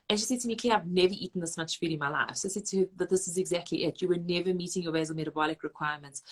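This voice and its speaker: A woman dietitian, giving brisk, practical advice in lists during a live online Q&A. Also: lowish voice, fairly bright tone. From South Africa. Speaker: registered dietitian.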